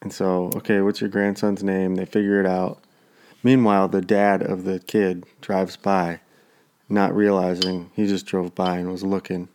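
A man with a fairly low, mellow voice tells a story in relaxed conversation. He jumps up into livelier voices when he quotes the people involved. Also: normal speed, clean tone. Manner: animated storyteller acting out quotes. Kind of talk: casual storytelling chat.

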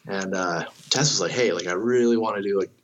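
A man's voice: sits low, a little fast, a little hiss or hum. A young man casually telling a long story, swearing a lot, filling his speech with "like" and acting out what people said. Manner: swears a lot, fillers like "like", acts out dialogue.

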